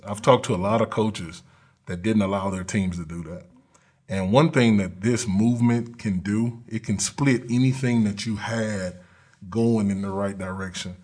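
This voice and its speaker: A college football coach with a lowish, slightly mellow voice and a breathy edge speaks earnestly and plainly in a conversational interview, with frequent ums and uhs.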